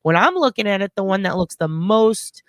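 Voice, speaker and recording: Animated woman theorizing in casual chat. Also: mid-range voice, normal speed, no room sound. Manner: animated, acts out scenes in quoted voices. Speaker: true-crime commentator.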